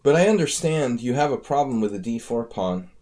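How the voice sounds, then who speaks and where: Coaching chess on a live stream, a man casually analyzes viewer games, thinking aloud and chatting directly with his audience. His mid-range voice is animated and a little mellow, and he talks a bit fast.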